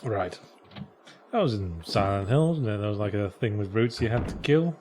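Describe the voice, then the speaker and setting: A man's voice: on the low side, animated, moderate pace, noisy background. A man hosting a casual gaming podcast, chatting dryly with mocking asides and reading out viewer questions.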